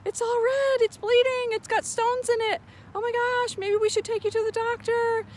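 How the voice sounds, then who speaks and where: A woman's voice: extremely high pitch, level tone, moderate pace, slight background noise, voice pushed up. A woman voicing a frantic, overwrought mother who panics over a scraped knee, in a shrieking, exaggerated tone. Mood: panicked.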